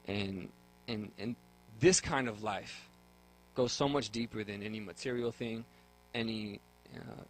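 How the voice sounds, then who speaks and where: A man's voice: on the low side, steady tone, measured pace, slight background noise, rough recording. A young man speaks earnestly about his faith on a talk radio show. He often doubles words as he gathers his thoughts. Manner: earnest, repeats words when starting a thought. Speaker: guest sharing his testimony.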